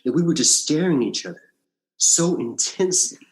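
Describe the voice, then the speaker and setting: A man from Alabama, a podcast guest, recounting his past in animated casual storytelling, often restarting his sentences. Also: a little fast. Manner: animated storyteller, frequent restarts and big pitch swings. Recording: echoey room.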